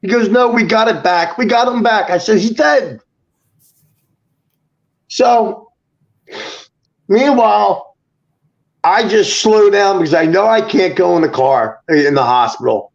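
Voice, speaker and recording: A man with a high, gravelly voice tells a personal story in quick bursts, tripping over his words and quoting each person. The audio is dull and lo-fi. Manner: rapid, halting retelling with many restarts and quoted dialogue. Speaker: guest telling a personal story. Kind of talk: emotional storytelling on a talk show.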